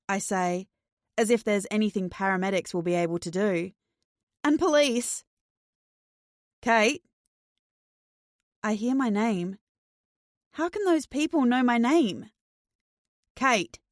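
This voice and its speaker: A woman narrating a first-person thriller audiobook in a slow, measured, tense way. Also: mid-range voice, no echo, studio quality.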